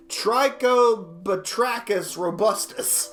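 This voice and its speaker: High, bright, excitable young man. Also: slow pace, hardly any pauses, slight background noise. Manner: excitable, jokey, laughs often, stumbles over words. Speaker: video reactor. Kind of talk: casual reaction commentary, reading facts aloud.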